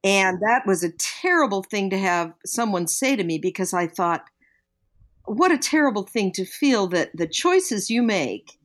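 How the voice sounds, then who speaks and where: In a mid-range voice, an older woman shares parenting stories on a casual podcast she co-hosts as a parenting guest. Her storytelling is earnest and reflective, brightening when she quotes other people.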